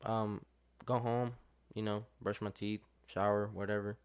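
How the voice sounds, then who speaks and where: A man's voice: fairly low pitch, measured pace, clean tone. Young man telling a rambling party story. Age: young adult. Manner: rambling, filler-heavy, acts out quotes with lively voices. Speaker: podcast guest. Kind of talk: casual storytelling chat.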